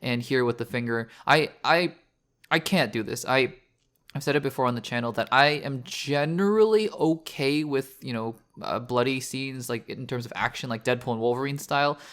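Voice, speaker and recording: A man's voice: mid-range voice, moderate pace, a bit bright. A man hosting a podcast, talking through a TV finale in a rambling, earnest way, full of restarts and fillers. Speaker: podcast host. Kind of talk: casual spoiler discussion.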